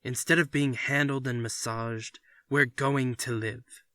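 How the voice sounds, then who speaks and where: Resolute storybook father, read by a man, slow, dry delivery. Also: medium pitch, fairly even intonation, sharp tone, dry recording. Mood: stern. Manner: firm, emphatic declarations. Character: stern father, uneasy then firm and forceful. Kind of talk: reading a story aloud.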